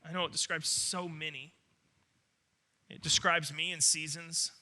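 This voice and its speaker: An earnest pastor preaches his sermon, a man speaking at an unhurried pace. His voice sits high and rings sharply bright. He drives each point home with emphasis, often restarting mid-phrase. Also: fairly even intonation.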